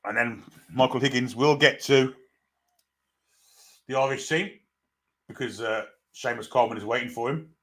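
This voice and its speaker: A man's voice: mid-range voice, moderate pace, pauses often, fairly bright tone. A man casually commentating a football match live, greeting viewers and reading their comments aloud. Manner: chatty, greets viewers, reads chat aloud. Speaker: live stream host.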